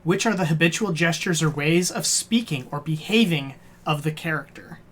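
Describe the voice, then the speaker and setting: A woman's voice: low-pitched, moderate pace. A woman leading a casual stream talk, reading prompts out and swearing now and then. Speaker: game master leading a character workshop.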